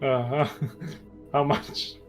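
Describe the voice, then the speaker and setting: A man's voice: mid-range voice, flat delivery, extremely slow, faint music behind. A man playing a casual online board game with friends, talking hesitantly and laughing often. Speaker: player acting as sheriff.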